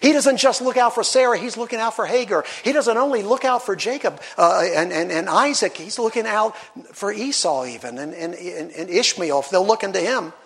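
A pastor in his sixties, a man preaching a sermon in church, animated and acting out the voices he quotes. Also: high-pitched, fairly quick, slightly rough.

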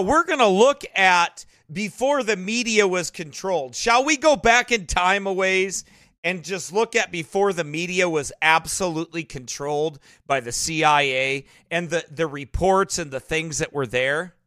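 A man with a rural American accent hosts a reaction video, exclaiming, repeating himself and preaching excitedly. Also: sits high, no room sound, studio quality. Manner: repeats phrases, exclaims, wonders aloud. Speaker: host reacting to a documentary.

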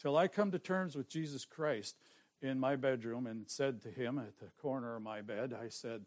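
A man preaching a sermon, telling his own testimony in an earnest way that swings from soft, hushed passages to forceful ones. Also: mid-range voice, normal speed.

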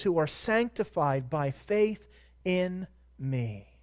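A man preaching a sermon as pastor, shifting between quiet reflection and loud, emphatic peaks. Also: fairly high pitch, animated, measured pace.

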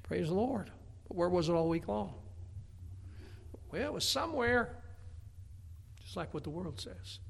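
A middle-aged man, a Baptist pastor, preaching a folksy, emphatic sermon, often stumbling over repeated words and breaking into shouts. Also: sits high, animated, measured pace, vocal fry, pauses often, slightly rough. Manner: repeats words when starting a thought.

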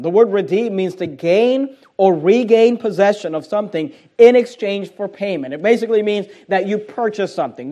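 Male pastor, high voice, emphatic sermon delivery with rhetorical questions. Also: dark tone. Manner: emphatic preaching, drawn-out scripture quotes, fillers like uh; asks the congregation rhetorical questions.

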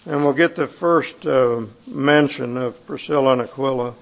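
Gravelly-voiced man preaching a sermon. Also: medium pitch. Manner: conversational, halting with fillers and restarts. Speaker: pastor. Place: church sanctuary.

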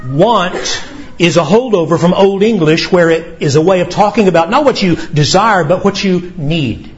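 A man preaching a sermon in an earnest, deliberate way, rising in emphasis when he asks questions. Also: sits high, expressive, muffled recording, a little hiss or hum. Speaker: pastor.

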